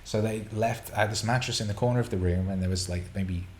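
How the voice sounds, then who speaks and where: A man's voice: lowish voice, fast, a little hiss or hum. A man hosting a show, answering listener questions in a casual, rambling way, swearing freely and restarting his sentences often.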